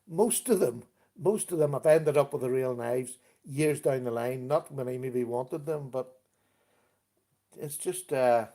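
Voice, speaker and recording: A man's voice: mid-range voice, warm tone. A middle-aged man hosting a casual live stream, chatting easily and greeting viewers by name. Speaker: livestream host.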